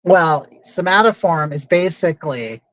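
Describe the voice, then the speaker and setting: Woman, somewhat low voice, chatty, opinionated, dry close mic, livestream monologue. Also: animated, measured pace, no echo, rough recording. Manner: chatty, opinionated storytelling with many asides. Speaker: livestream host.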